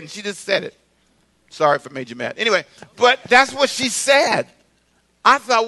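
A male pastor preaches conversationally and calls on the congregation to repeat his words back in call-and-response. His high voice is pushed and bright, brisk, with lively intonation.

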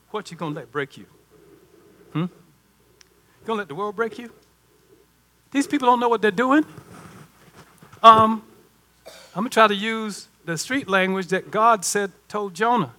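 Man preaching a sermon, high voice, folksy and dynamic, quiet asides building to emphatic calls. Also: moderate pace, long pauses. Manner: folksy, conversational delivery. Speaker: pastor.

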